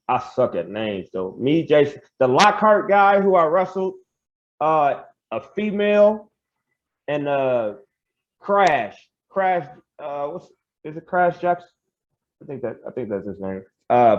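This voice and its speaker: A young adult man, a pro wrestler guest on a podcast, telling his story in a loose, animated way with laughs and quoted asides. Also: a little high, highs cut off. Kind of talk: casual storytelling interview.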